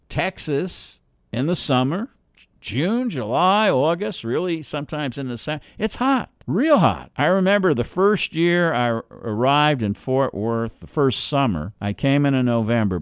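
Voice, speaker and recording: A man's voice: on the high side, very animated, a little slow, clear, resonant tone, no room sound, studio quality. Emphatic man with a New Jersey accent. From New York City and New Jersey area. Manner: emphatic, rhetorical questions, sarcastic asides. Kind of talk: opinionated monologue.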